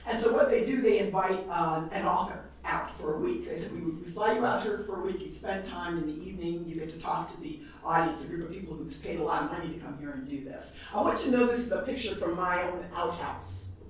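A woman from New York giving a lecture, telling stories in a lively, humorous way. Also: lowish voice, a little fast, few pauses, a little hiss or hum. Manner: animated, humorous storytelling with laughs. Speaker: guest lecturer. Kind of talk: storytelling lecture. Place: large lecture hall. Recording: echoey hall, voice from far off.

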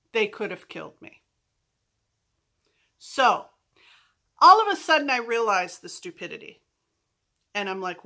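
A middle-aged woman telling a storytime vlog in an animated, self-mocking way. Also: on the high side. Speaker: vlogger.

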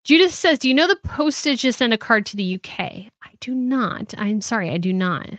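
A woman's voice: fairly high pitch, expressive, brisk, fairly bright tone, no room sound. A woman hosting a royal news live stream, chatting casually, reading out viewer comments and answering them with frequent laughs. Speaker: host of a royal news channel.

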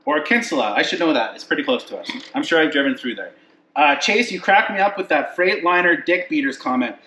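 Man, co-host, casual chat, reading fan messages, slightly high voice, echoey workshop, faint background noise. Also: animated, brisk, sharp tone. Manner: reads messages aloud, chuckles, stumbles on names. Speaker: co-host reading supporter shout-outs.

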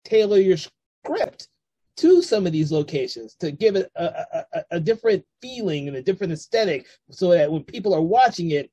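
A host with a husky, middle-pitched voice asks long, rambling questions in a casual interview over a video call. The sound is dry and close. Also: sing-song, normal speed, mellow, no echo, lo-fi sound.

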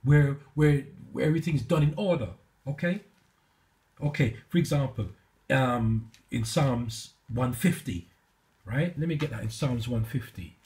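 A man with a mid-range, slightly mellow voice teaches from scripture while responding to a played video clip, offering preaching commentary. He reads verses aloud slowly, then argues back emphatically. He constantly checks in with "right?" and "okay?"

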